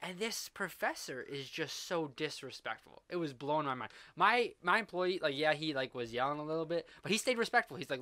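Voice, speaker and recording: A man co-hosting a casual podcast, telling a workplace story in an animated way and acting out the quotes. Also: on the high side, brisk, no echo. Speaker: podcast co-host.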